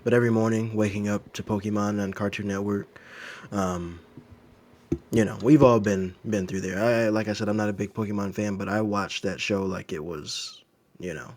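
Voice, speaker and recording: A man in his twenties co-hosting a casual podcast with friends, talking in a relaxed, easygoing, rambling way. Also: fairly low pitch, normal speed. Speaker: podcast co-host and editor. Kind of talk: casual chat among friends.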